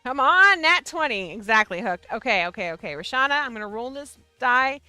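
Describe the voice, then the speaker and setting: A woman hosting a casual livestream, chatting with her viewers in a bubbly, excitable way. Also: on the high side, a little fast, faint music behind. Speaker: livestream host of a yarn shop show.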